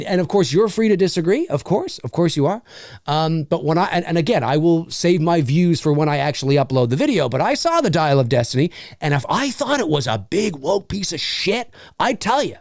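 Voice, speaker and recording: A man's voice: sits high, very animated, moderate pace, no echo, studio quality. A man hosting a casual livestream Q&A, reading viewer comments aloud, swearing freely and laughing often. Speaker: channel host answering viewer questions.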